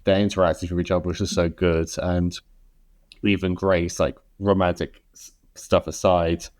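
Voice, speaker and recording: Deep-voiced, hesitant male podcast host. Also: little pitch movement, normal speed, a little mellow, no echo, studio quality. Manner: hesitant, with many likes and restarts. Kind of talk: casual podcast chat.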